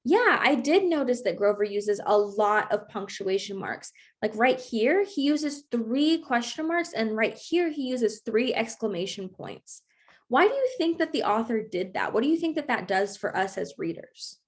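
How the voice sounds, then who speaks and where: A woman's voice: on the high side, animated, normal speed. A young woman teaching an online class, encouraging and checking in often with her students. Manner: encouraging, checks in with frequent okays.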